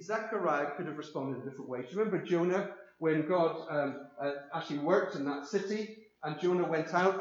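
A man preaching with animated emphasis, his voice sitting a little high. The sound is roomy and echoey. The recording is somewhat muffled. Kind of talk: sermon. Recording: echoey room, dull sound.

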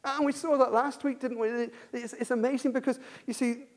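A man preaching a sermon, swinging between hushed questions and loud emphatic bursts, telling stories with frequent restarts. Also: very high-pitched, fairly even intonation, moderate pace.

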